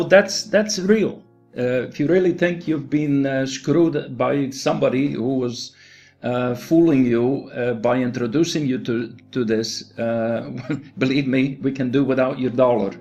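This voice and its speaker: A man promoting a program, talking casually to his group in a halting way full of restarts. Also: medium pitch, a little mellow, dull audio, faint music behind. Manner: halting, many fillers and restarts. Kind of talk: casual recorded talk to a group.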